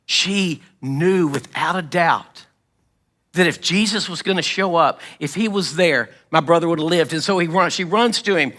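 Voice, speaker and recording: A man preaches in church with a high, bright voice that carries. He tells the story with acted-out lines. He often pauses to clear his throat. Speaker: pastor. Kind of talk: sermon.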